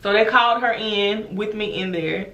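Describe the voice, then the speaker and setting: Bright-voiced woman telling a storytime. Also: mid-range voice, moderate pace, reverberant. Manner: animated, emphatic, talks straight to viewers. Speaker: teacher and vlogger. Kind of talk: storytime vlog.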